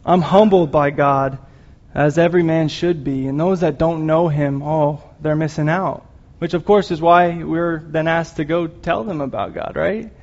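A man's voice: a little high, steady tone, unhurried, a little mellow. A man giving an earnest, emotional sermon, rambling at times with restarts and apologies. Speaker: lay preacher. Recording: dull lo-fi recording.

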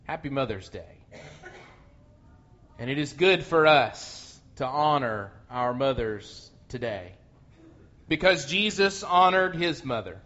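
Male pastor, fairly high voice, slow deliberate sermon delivery, muffled lo-fi audio. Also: fairly bright tone. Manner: slow, earnest preaching with repeated restarts. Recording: muffled lo-fi sound.

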